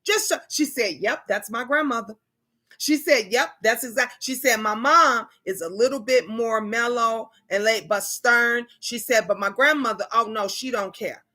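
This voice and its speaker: Bright-voiced woman telling reading stories. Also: on the high side, moderate pace. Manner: animated storytelling, quoting spirits and viewers in character. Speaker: tarot reader and channel host. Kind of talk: casual livestream chat.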